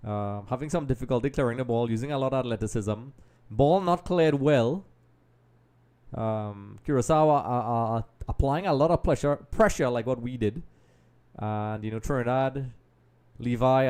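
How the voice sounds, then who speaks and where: A man hosting a live football watch-along, chatting straight to viewers and often dropping into quiet mutters while he multitasks. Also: medium pitch, fairly quick, smooth. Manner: distracted, multitasking while commenting; trails off into quiet mutters and restarts. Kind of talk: casual live match commentary.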